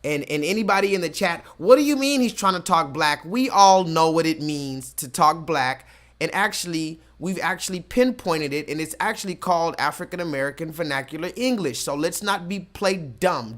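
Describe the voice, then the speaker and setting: A man hosting a livestream, ranting casually and reading chat comments, cursing freely and slowing down to hammer his points home. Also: a little high, fairly bright tone. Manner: profane, emphatic, slows down to stress points.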